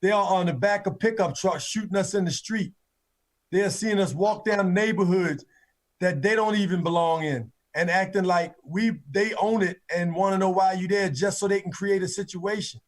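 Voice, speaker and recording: A man hosting a morning talk show, emphatic and rallying, in an energetic radio style. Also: high-pitched, moderate pace.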